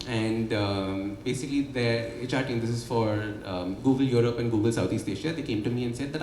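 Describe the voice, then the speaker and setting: A man's voice: mid-range voice, fairly quick, hardly any pauses, darkish tone, slight background noise. A man, an author and habit coach, explaining his ideas at a book launch and asking rhetorical "right?" questions. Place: event hall before an audience. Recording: echoey hall with light ambience.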